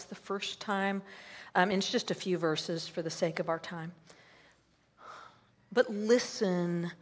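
A woman leading a church congregation in guided prayer, reading scripture aloud gently and pausing between phrases. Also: lowish voice. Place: church service.

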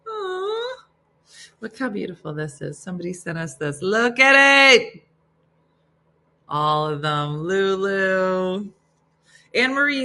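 A woman's voice: lowish voice, sharp tone. A middle-aged woman hosting a morning show, chatting casually and reading listener valentines, getting emotional and teary. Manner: emotional, tearful, laughing between readings.

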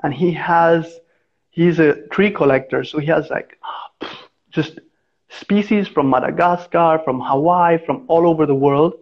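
A man grown up in India speaks as a guest in a relaxed interview. He tells anecdotes with energy, acting out the voices in them. His voice sits somewhat high, and the recording sounds dull and lo-fi. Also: a little slow. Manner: animated storyteller who acts out the voices in his anecdotes. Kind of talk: casual interview storytelling.

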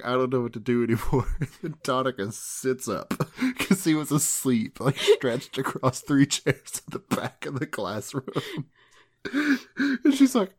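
A man recapping a show in casual chat, his voice sitting at an ordinary middle pitch. He giggles constantly between phrases. He slips into quick quoted voices for each character. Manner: giggly, laughs through nearly every sentence. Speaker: podcast co-host. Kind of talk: casual chat, retelling an anime episode.

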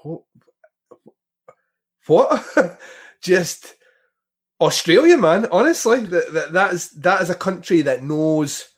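Laughing, excitable man on a podcast. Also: high-pitched, unhurried. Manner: enthusiastic, laughs often, stammering restarts. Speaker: podcast co-host. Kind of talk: casual chat.

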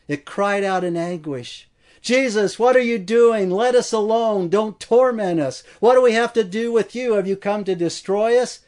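A male preacher delivering an expository sermon in a fairly high voice. He speaks emphatically and builds momentum through chains of repeated phrases. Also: darkish tone.

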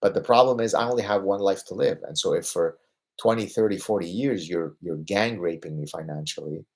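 Man, fifties, low pitch, husky, livestream Q&A host, emphatic. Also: brisk. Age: 50s. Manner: emphatic, with rhetorical "right?" tags; lively, getting excited about his passions. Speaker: host answering viewer questions.

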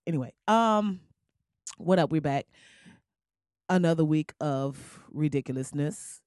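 Speaking at a measured pace with a medium-pitched voice, a woman podcast host laughs her way through a casual comedic monologue, loud, slangy and full of energy. The sound is dry and clean from a studio, though her mic has a crackle.

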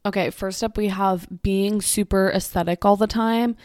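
A young woman runs her own podcast, casually venting about pet peeves while cursing and using "like" constantly. Her mid-range voice is steady and somewhat dark, at a normal pace, captured with studio-quality sound and no room echo, in a relaxed solo chat.

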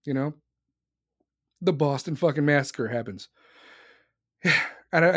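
A man's voice: a little high, moderate pace, pauses often, no room sound, studio quality. A young man hosting a show, ranting angrily and profanely about politics, heated and emphatic. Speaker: podcast host. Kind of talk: angry political rant.

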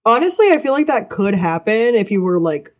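A co-host chatting casually on a streamed show, laid-back and quick to laugh. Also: medium pitch, very animated, lo-fi sound. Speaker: podcast co-host. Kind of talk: casual chat.

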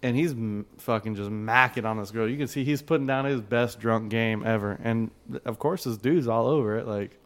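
A man in his thirties swaps a crude bar story on a casual podcast. He swears freely, laughs between lines and pushes louder as the story builds. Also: medium pitch, moderate pace, few pauses. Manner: profane, laughing often, loud when excited.

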